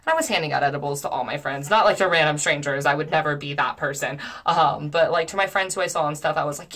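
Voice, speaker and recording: A young adult woman cosplayer recounts messages in a casual storytime vlog, reading them aloud in a chatty way full of fillers. Her voice sits low and is a bit bright, and she talks fast with hardly any pauses.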